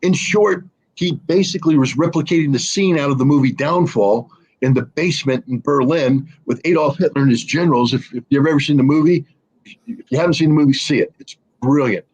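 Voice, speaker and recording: A man's voice: on the high side, a little fast, darkish tone, slightly rough. A man speaking as a guest analyst in a livestream discussion, emphatic and sardonic, telling stories to make his point.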